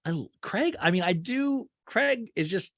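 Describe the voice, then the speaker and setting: Chatty, animated male podcast host. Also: high voice, measured pace, dry recording, clean studio sound. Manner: rambling, lots of filler words. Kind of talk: chatty episode recap.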